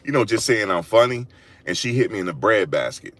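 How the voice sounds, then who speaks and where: Man, deep-ish voice, slangy storyteller, animated and repetitive, recorded on a phone in a car. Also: brisk. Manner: animated, slangy, repeats himself, laughs a lot. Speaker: vlogger. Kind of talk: storytelling monologue. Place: in a parked car.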